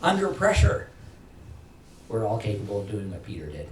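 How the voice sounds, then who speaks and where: A man preaching a sermon as pastor, emphatic, climbing in pitch and loudness to stress his points and acting out quoted voices. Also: huge pitch swings, normal speed. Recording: echoey hall from far off, faint noise.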